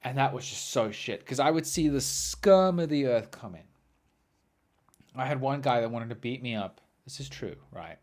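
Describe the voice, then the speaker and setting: A young man hosting a podcast, telling stories in an animated, swearing, ranting way. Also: mid-range voice, normal speed. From South Africa. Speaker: podcast host. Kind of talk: storytelling monologue.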